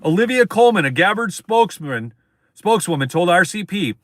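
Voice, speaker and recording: A man's voice: high-pitched, animated, brisk, fairly bright tone, no echo. A man hosting a live-stream political commentary show, talking emphatically to viewers, repeating his points and calling them folks.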